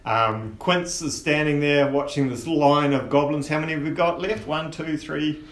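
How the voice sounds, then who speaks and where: A man narrating a tabletop game as dungeon master, unhurried and descriptive, with frequent fillers. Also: a little high, a bit bright. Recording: roomy echo with faint noise.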